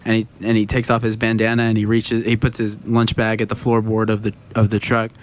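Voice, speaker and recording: A man's voice: lowish voice, brisk. Young man telling a job-site story. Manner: animated anecdote-telling, acts out quotes, swears freely. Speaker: podcast co-host. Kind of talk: casual storytelling chat.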